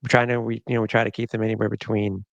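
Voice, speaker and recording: A middle-aged man with a gravelly edge hosts a sports podcast in loose, joking chat. He rambles and laughs often. The sound is dry and close to the mic. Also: lowish voice, flat delivery, very fast, no echo. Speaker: podcast host.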